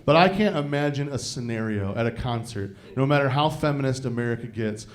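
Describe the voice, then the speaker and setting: A man from Iowa performs a stand-up set live before a laughing audience, talking conversationally, swearing freely and often asking the crowd "you know what I mean?" His medium-pitched voice has lively intonation and runs a little fast. Crowd laughter fills the background.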